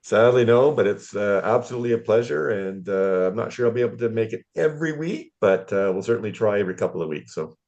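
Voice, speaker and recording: Low Canadian man on a dull call line. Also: animated, quick pace, few pauses, a little mellow. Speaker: new group member. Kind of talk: casual group video call.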